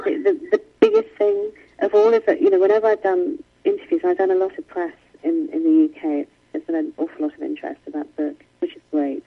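This woman author, joining a remote interview from home in London, has a low-pitched voice with vocal fry, carried over phone-quality audio. She keeps restarting her sentences and drifting into asides.

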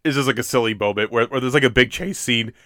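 A man's voice: mid-range voice, fast talker, a bit bright, dry recording, clean studio sound. A young man co-hosting a podcast in casual chat, hesitant and full of stumbling restarts. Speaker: podcast co-host.

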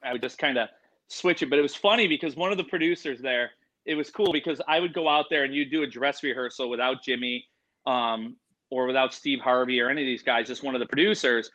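A man telling stories as an interview guest, excitable and rambling, full of "like" and "you know". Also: mid-range voice, fast talker. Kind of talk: casual storytelling.

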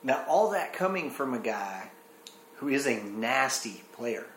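A man with a Southern US accent, hosting a casual music interview in a relaxed, conversational way. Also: mid-range voice, measured pace, roomy sound, a little hiss or hum. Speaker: host. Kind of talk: casual interview and read sponsor spot.

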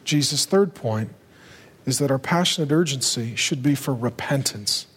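A male pastor preaching a sermon with urgency, driving home his points and rising to loud, emphatic peaks. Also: mid-range voice, animated, normal speed, husky. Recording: long reverb of a large hall.

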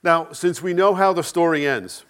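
A man preaching an Easter sermon, emphatic, with dramatic pauses and swings between loud and soft. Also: on the high side, smooth. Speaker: pastor.

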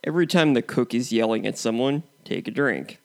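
Male podcast co-host, fry-tinged mid voice, steady reader of notes and plugs. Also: medium pitch, fairly quick. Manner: steady, reads prepared points and plugs. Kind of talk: casual movie review chat.

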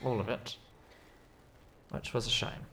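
A man, an actor in a mock interview, rambling and hesitant with a deadpan delivery. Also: measured pace, a little hiss or hum.

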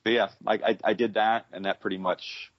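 Husky low-voiced man rambling wryly. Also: flat delivery, brisk, highs cut off. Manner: rambling, many restarts and fillers, wry. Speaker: comic book writer guest. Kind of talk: casual podcast conversation.

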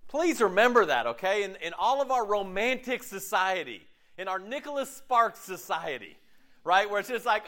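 A man preaching a sermon as pastor, animated and chatty, acting out quoted voices and laughing at himself. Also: high-pitched, moderate pace.

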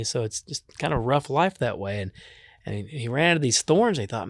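A man's voice: medium pitch, lively intonation, quick pace, no room sound. A man telling a traditional animal tale in a casual, folksy way, mixing in native words. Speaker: storyteller. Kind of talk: oral storytelling with native words.

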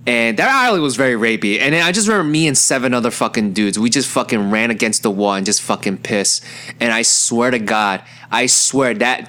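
A young man telling a personal story in a rambling, profane, excitable way, with plenty of fillers. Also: mid-range voice. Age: young adult. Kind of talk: casual storytelling.

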